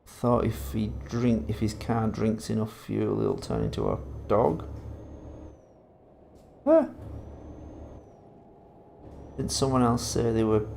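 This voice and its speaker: Gravelly, sweary streamer. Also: male voice, lowish voice, darkish tone, a little hiss or hum. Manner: rambling, sweary, reads viewer comments aloud. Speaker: game streamer. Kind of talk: live-stream chat while playing a trucking game.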